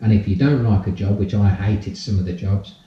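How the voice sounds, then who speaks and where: An older man, a podcast guest telling his life story in a casual, animated way and acting out the dialogue. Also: fairly low pitch, a little fast. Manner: animated storyteller, acts out dialogue, repeats phrases. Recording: distant, roomy, dull-sounding audio.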